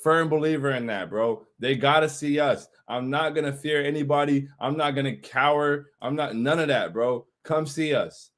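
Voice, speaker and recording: A man's voice: fairly high pitch, moderate pace, hardly any pauses, a bit bright. A man hosting a casual livestream chat, reading viewer comments and answering in an emphatic, slangy way. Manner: hype, emphatic, repeats phrases, slangy.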